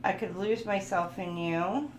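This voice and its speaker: Unhurried and mid-range in pitch, a tarot reader reads card messages aloud to her viewers. Her tone is casual and playful, occasionally goofy, and the recording carries a roomy echo with faint background noise.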